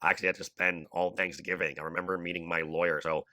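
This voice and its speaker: A man speaking in a measured, pointed way in a podcast clip. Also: sits low, little pitch movement, sharp tone, no room sound. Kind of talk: podcast talk.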